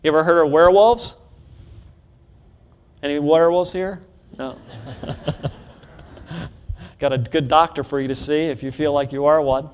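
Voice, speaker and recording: A man preaching a sermon, leading the congregation to repeat phrases back, rushing through asides and slowing hard on emphatic lines. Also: a little high. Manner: call-and-response, leads congregation in repeating phrases; swings between quick asides and slow emphatic declarations.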